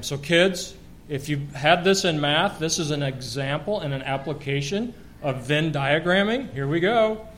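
A man preaching a sermon, lively and joking, quizzing the congregation as he goes. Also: on the high side, slight background noise.

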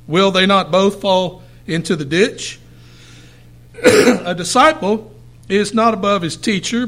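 A man with a notably high voice works through scripture verse by verse, stopping to comment. His reading is halting, full of "uh" fillers and throat clearing, and he often stops to correct a word. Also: fairly bright tone. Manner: self-corrects while reading aloud. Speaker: Bible teacher.

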